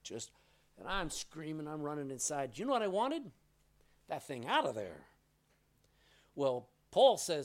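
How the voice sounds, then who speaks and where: Slightly high and a little slow, this middle-aged pastor's voice swings widely in pitch and pauses often. He tells stories during his sermon, acting out quotations with voice changes.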